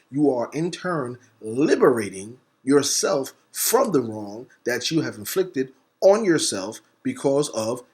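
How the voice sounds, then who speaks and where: The clip features a male host with a mid-range voice delivering a fiery, impassioned monologue that resembles a sermon. Letter-by-letter spelling punctuates his speech, which swings from fast bursts to slow, stressed words.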